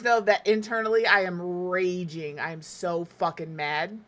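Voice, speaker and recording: A woman's voice: lowish voice, steady tone, moderate pace, bright, forceful tone. A young woman from the American South, chatting casually and rambling with self-mocking humor while she plays a game on stream. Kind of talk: casual chat while gaming.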